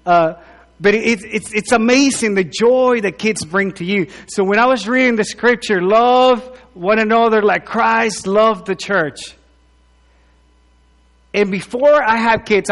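A man, preaching a conversational sermon into a handheld mic, joking, then swinging from loud emphatic lines to quiet asides. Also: fairly high pitch. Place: church hall. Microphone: handheld microphone. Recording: long hall reverb.

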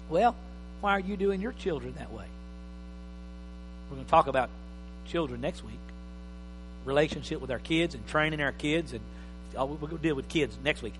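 A high-voiced male pastor delivers an emphatic sermon, his voice swinging between loud and soft. The sound rings with a long hall reverb over a faint electrical hum. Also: lively intonation, moderate pace, long pauses.

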